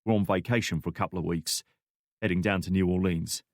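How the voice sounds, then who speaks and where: A man's voice: sits low, steady tone, quick pace, no echo. A male narrator voicing a tough, terse man with a North London accent who speaks in short, commanding lines. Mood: fake-casual. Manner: curt, commanding. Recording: dry studio audiobook recording.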